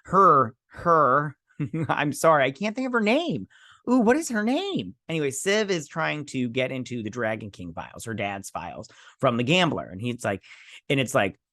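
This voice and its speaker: A man's voice: medium pitch, very animated, moderate pace, pushed and bright, no room sound, studio quality. A man hosting a casual show recap, sarcastic and rambling, often quoting characters in voices. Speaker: host.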